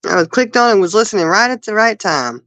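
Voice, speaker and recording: A woman's voice: medium pitch, expressive, fast talker, fairly bright tone, no room sound, low-quality recording. A woman co-hosting a casual livestream chat, telling stories and laughing often. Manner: giggly storyteller, laughs often. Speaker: livestream co-host.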